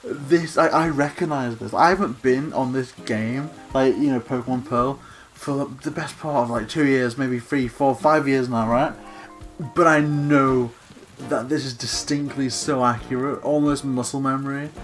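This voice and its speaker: A man co-hosting a video, giving excited game commentary with gushing exclamations and gasps. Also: medium pitch, normal speed, soft background music. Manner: gushing, gasping, breathless exclamations. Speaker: co-host touring a game island.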